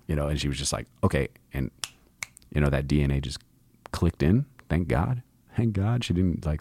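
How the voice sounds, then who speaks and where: Very deep-voiced man telling casual stories. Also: moderate pace, darkish tone, no echo. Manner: profane, laid-back storyteller who acts out quotes. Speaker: podcast host. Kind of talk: casual storytelling monologue.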